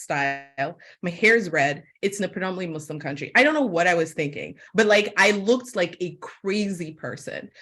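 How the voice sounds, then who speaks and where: Lively American-accented woman telling stories. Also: lowish voice. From Sierra Leone. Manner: animated storyteller, many "like" fillers. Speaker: webinar guest, media host. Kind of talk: storytelling in a webinar panel.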